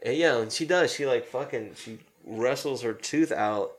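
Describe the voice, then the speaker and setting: A man co-hosting a casual podcast about a film, animated and laughing, with lots of fillers and swearing. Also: mid-range voice, normal speed. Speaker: podcast co-host.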